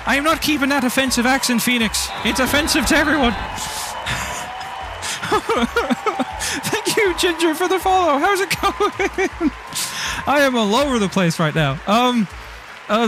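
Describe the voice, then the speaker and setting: A high-pitched man from Ireland talks loosely through a live game stream. He rambles, gets excited, swears freely and stumbles over his words. Soft music plays faintly behind him. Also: normal speed. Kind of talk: casual live-stream chat while playing.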